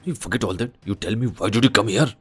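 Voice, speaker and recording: An actor playing a guilty, cheating husband who sounds flustered and pleading. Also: male voice, fairly low pitch, fast, breathy edge, faint music behind.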